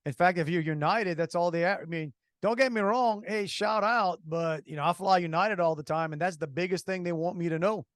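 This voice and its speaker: A man's voice: high voice, brisk, hardly any pauses, no room sound, studio quality. A man co-hosting a radio talk show, telling stories animatedly with heavy sarcasm and many restarts. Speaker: radio co-host. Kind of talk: casual radio chat.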